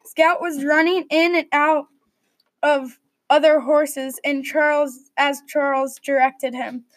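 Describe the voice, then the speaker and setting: A woman reading a medieval adventure story aloud at a steady read-aloud pace. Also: sits high, slow, dry recording.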